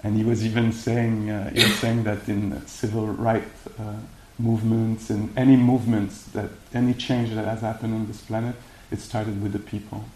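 A man giving a meditation talk and answering questions, speaking haltingly with many fillers and restarts. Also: lowish voice, level tone, darkish tone. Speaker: meditation teacher. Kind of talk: dharma talk and Q&A. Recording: echoey room with faint hiss.

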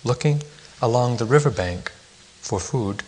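Guy at a meditation retreat reading a story out loud, gentle and measured. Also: mid-range voice, lively intonation, slightly rough. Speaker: meditation teacher. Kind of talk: storytelling in a dharma talk.

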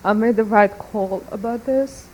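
A woman student asks her teacher for help. She speaks quietly and haltingly, as if near tears, in a mellow voice. Faint room noise sits behind her. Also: mid-range voice, poor audio.

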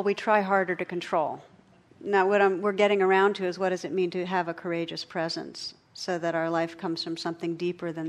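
A middle-aged woman giving a meditation talk, telling stories and jokes with gentle pauses. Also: on the low side. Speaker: meditation teacher. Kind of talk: dharma talk.

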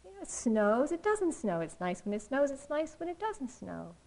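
A woman meditation teacher giving a dharma talk in a slow, reflective way, with soft pauses. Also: high-pitched, very animated, gravelly, low-quality recording.

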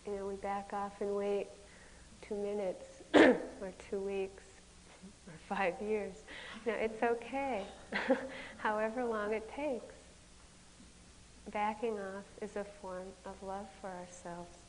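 A woman's voice: medium pitch, fairly even intonation, slow pace, pauses often, a little hiss or hum. A woman meditation teacher giving a candid dharma talk at a retreat, with self-mocking stories that often break into laughter. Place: retreat center meditation hall. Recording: long hall reverb.

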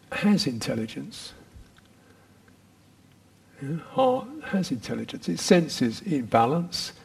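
Male meditation teacher, gravelly low voice, slow and halting, pauses between phrases. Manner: drops to a soft whisper on repeated phrases. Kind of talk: meditation retreat dharma talk.

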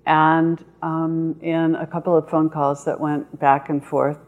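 Low-voiced woman giving a slow dharma talk. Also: little pitch movement, narrow, tinny audio. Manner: slow, measured, with long pauses. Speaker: meditation teacher.

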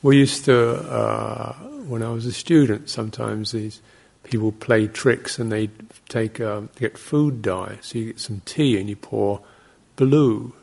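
Gravelly, husky-voiced monk giving a dharma talk. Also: male voice, on the low side, a little slow, hardly any pauses. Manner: anecdotal and digressive, with soft laughs and short acted-out exclamations. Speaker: Buddhist monk teaching meditation.

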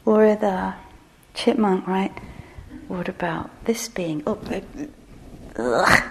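A middle-aged woman giving a relaxed meditation talk, soft-spoken and self-deprecating with frequent laughter. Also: mid-range voice, takes it slowly, gravelly, slight background noise. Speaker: meditation teacher.

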